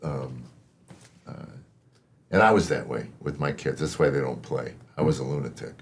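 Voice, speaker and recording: A man's voice: rumbling low, moderate pace. A middle-aged man hosting a comedy podcast, rambling through stories and laughing at his own tales. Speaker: podcast host.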